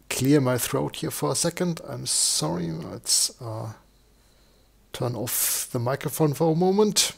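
A man with a croaky, slightly hoarse voice, walking through a software demo live and thinking aloud with lots of fillers. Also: medium pitch, a little slow. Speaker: software tutorial presenter. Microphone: desktop microphone.

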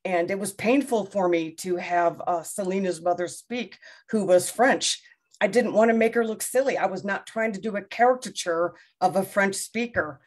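A woman's voice: medium pitch, moderate pace. Middle-aged woman author, chatty and self-deprecating, restarts often; casual interview. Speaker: debut novelist being interviewed.

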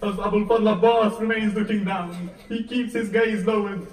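A man giving a Muharram lecture, reciting a mournful story with deep emotion that swells to near-wailing. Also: level tone, normal speed. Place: mosque or community hall. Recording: echoey hall, mic heard from a distance.

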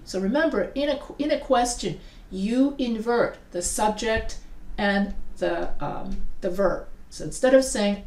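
Slow, deliberate woman teaching grammar. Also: mid-range voice, a little mellow. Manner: reads word pairs aloud slowly and deliberately, with asides. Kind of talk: recorded classroom-style lesson. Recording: echoey room, mic set far off.

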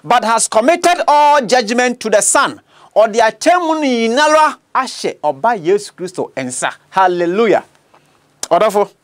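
A man with a Ghanaian accent gives a bilingual teaching sermon, slow and deliberate, stressing points with rhetorical questions. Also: high-pitched, sing-song. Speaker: preacher and apologist.

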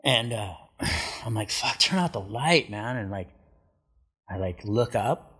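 A man's voice: fairly low pitch, lively intonation, slow, bright, forceful tone, breathy edge. A middle-aged man telling stories in a casual chat, laid-back, swearing a lot and acting out what people said. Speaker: podcast guest, pro surfer. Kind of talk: casual storytelling. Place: studio.

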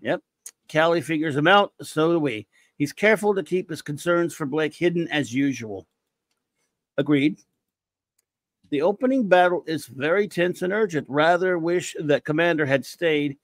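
A podcast host, an excitable man, rambles through listener reviews in a casual chat, cracking jokes and sometimes shouting. His voice is a touch high for a man and he talks at a moderate pace. The recording is dry, without any room echo.

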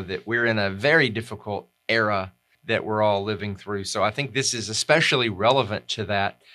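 A man hosting a podcast, asking thoughtful, measured interview questions. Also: mid-range voice, sharp tone. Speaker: podcast host.

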